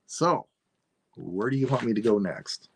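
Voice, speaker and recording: A man selling items on a live stream, thinking aloud in a rambling, unhurried way as he describes each piece. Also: mid-range voice, expressive, gravelly, very noisy. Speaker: online seller. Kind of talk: live-stream sales chat.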